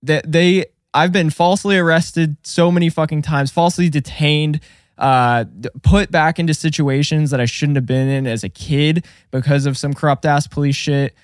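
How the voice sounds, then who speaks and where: Young man, casual podcast storytelling, profane, animated, slightly high voice, dry sound. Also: normal speed, dry recording.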